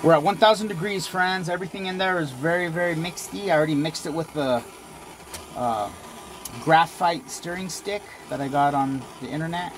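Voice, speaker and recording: Briskly and in a voice on the high side, a man vlogs his jewelry casting from a home workshop, with slight background noise. He talks to viewers as he works, says "guys" often, and pokes fun at himself.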